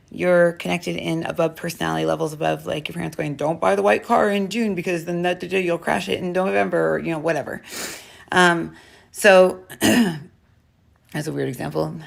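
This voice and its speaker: A woman with a low, gravelly voice talks through an intuition lesson in a loose, casual way. She rambles, restarts her sentences and fills the gaps with "um" and "like". She sounds like someone in her thirties explaining things off the cuff. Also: fairly bright tone. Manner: rambling, self-interrupting, many fillers. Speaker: intuition teacher. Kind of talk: casual spoken lesson to camera.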